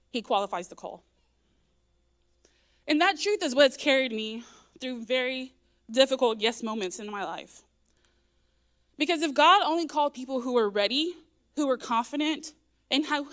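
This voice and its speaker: A woman's voice: on the high side, a bit bright. A woman sharing an earnest personal testimony in church, her voice close to tears at times. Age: adult, raising young children. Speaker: church member giving testimony. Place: church sanctuary.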